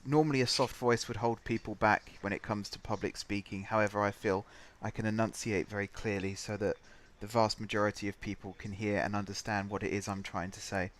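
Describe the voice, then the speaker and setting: A man in an online game chat, pitching himself in a mock-formal, job-applicant manner. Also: flat delivery, brisk, few pauses. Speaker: player in an online party game. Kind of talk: casual chat over voice call.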